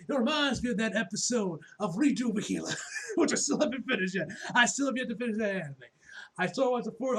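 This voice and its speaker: A man reacts to a comic in loose, rambling chat full of slang and cursing. His voice sits high for a man. It has a husky, breathy edge. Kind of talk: casual comic book reaction.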